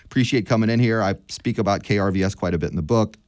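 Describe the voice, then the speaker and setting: A man's voice: fairly low pitch, racing, a little mellow, dry recording, studio quality. A man who is a visiting professor and author, chatting on a radio show in a storytelling, self-deprecating way. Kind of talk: casual radio interview. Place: radio studio.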